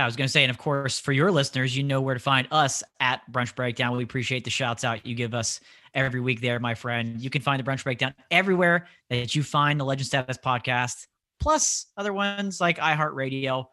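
Teasing podcast co-host, bright voice. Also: male voice, mid-range voice, steady tone, fairly quick, no room sound, clean studio sound. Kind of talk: casual podcast chat.

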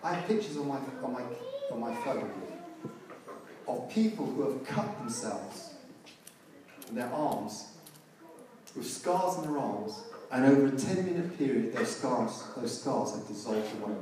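A man preaching a sermon in a very echoey church hall, heard from some distance. He tells the story at an easy pace and rises to loud, emphatic peaks. Room noise is clearly audible behind him. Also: mid-range voice, animated, a little slow.

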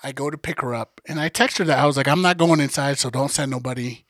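A man co-hosting a podcast, telling a story in relaxed, profane casual chat. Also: mid-range voice, fast, no echo. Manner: laid-back, profane, quiet narration. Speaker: podcast co-host.

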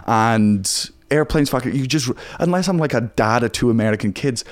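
Scottish man, chatty and foul-mouthed, mid-pitched, recorded dry and close. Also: animated, no room sound. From Scotland. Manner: sweary, emphatic, fast bursts. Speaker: guest comedian. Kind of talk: casual podcast chat.

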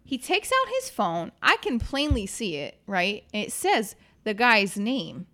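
A woman's voice: mid-range voice, unhurried. A woman comedian telling a story on a podcast in a casual way, swearing now and then and acting out the voices of the people in it. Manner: animated, acts out the voices of people in her story. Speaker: comedian guest.

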